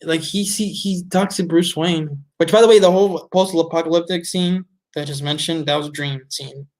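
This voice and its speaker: A man's voice: on the high side, fairly even intonation, normal speed. A man giving a casual film review, blunt, exasperated and full of swearing. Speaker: movie reviewer.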